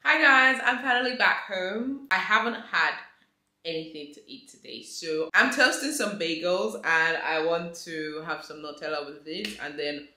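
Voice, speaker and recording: Bright-voiced Nigerian woman vlogging. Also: fairly low pitch, unhurried, roomy sound. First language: Yoruba. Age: 20s. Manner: chatty, excitable, slips into Yoruba. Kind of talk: casual vlog chat. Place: home kitchen, indoors.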